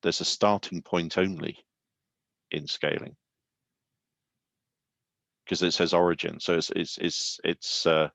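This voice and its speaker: A man's voice: sits low, vocal fry, no room sound. A man hosting an online panel discussion, talking thoughtfully with many restarts and asking questions. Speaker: host and consultant.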